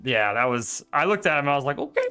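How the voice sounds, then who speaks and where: A co-host reviews his own chess game from a streaming setup, tossing out moves casually while he jokes, swears and laughs a lot. He talks fast and very animatedly in a medium-pitched voice with a bright, forceful tone.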